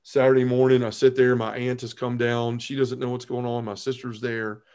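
A man, a podcast guest telling his personal conversion story in an earnest, halting way, often restarting his phrases and dropping his voice at heavy moments. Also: level tone, darkish tone, clean tone. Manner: earnest storytelling, halting restarts, drops low when emotional.

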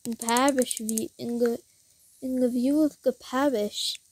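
A young gamer giving rambling let's-play commentary who often restarts sentences and breaks into excited bursts. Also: mid-range voice, unhurried, a little hiss or hum. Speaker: gamer narrating his own play.

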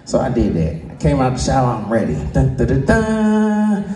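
A man doing a stand-up comedy set, who often laughs at his own jokes and jumps into high voices for the people he quotes. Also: huge pitch swings, normal speed, warm tone, recorded from a distance, a little hiss or hum. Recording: roomy sound from away from the mic.

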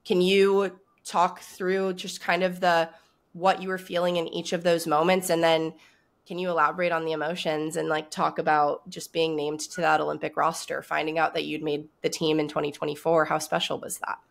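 A woman's voice: low voice, flat delivery, moderate pace, gravelly. A woman hosting a podcast, talking in a reflective and encouraging way. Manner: warm, encouraging, reflective talk. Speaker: podcast host. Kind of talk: casual podcast interview.

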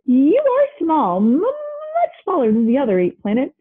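A woman's voice: sits high, huge pitch swings, normal speed, narrow, tinny audio, voice pushed up. A woman voicing a nervous male astronomer who stammers in a shaky voice in a storybook. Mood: frightened.

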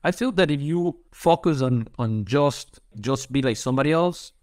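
An enthusiastic man talks about his pizza work, piling up clauses in loose, English. His voice sits at an ordinary pitch. The sound is dry and close. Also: lively intonation, moderate pace, a little mellow, no echo. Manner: eager, rambling, non-native phrasing. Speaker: pizza chef and guest. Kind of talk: casual interview answers.

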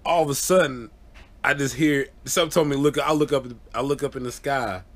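A man telling a true story to camera in a casual, animated way, often laughing and acting out the people in it. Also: medium pitch, a little fast. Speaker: vlogger.

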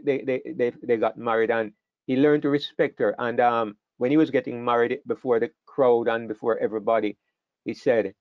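A man's voice: medium pitch, no room sound. Older man, Bible class teacher, earnest, slightly dull lo-fi recording. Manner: earnest, repeats words while thinking.

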